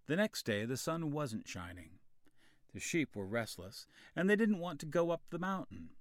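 A man reading a children's story aloud, slow, clear and expressive. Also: medium pitch, no echo, clean studio sound. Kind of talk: storybook narration.

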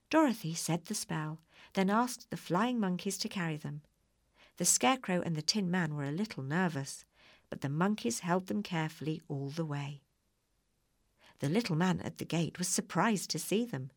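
A woman reading a children's storybook aloud in an expressive, clear way. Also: on the low side, moderate pace, dry recording, clean studio sound.

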